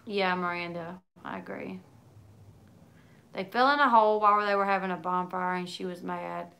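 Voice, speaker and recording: A chatty woman in her thirties hosts a livestream, reading viewer comments and answering them as they arrive in a relaxed, meandering casual chat. Her voice is on the low side and gravelly yet has a bright, forward edge, moving at normal speed. Her sentences run on, full of likes and asides.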